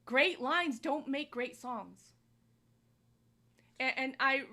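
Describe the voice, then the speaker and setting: A woman's voice: on the high side, pushed and bright. A woman hosting a live music-review stream, giving blunt, coaching feedback on songs and teasing her co-host. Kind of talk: live-stream song critique.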